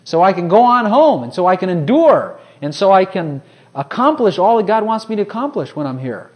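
A man preaching a sermon, swinging from hushed, personal asides to loud, ringing scripture quotes. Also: high-pitched, big pitch swings, fairly quick, lo-fi sound.

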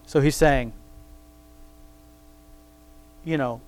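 A man reading scripture aloud slowly and then commenting on it in a loose, rambling, conversational way, laughing now and then at his own remarks. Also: on the high side, no room sound. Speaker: Bible study teacher. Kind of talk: casual Bible reading and commentary.

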